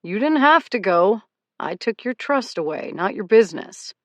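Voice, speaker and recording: A woman's voice: mid-range voice, sing-song, moderate pace, no room sound, muffled recording, pitched above the performer's own voice, lightly acted. A woman narrator voicing a charming, buzzed ex-husband in an audiobook, with an easygoing, teasing manner. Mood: defensive. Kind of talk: audiobook character voice.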